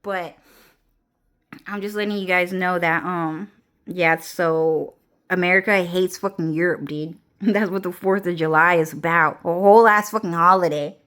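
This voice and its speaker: A woman's voice: on the low side, fairly even intonation, normal speed, a bit bright. A young woman rambling through a casual vlog rant. Her talk is loose and profane, full of restarts and laughter. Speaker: vlogger.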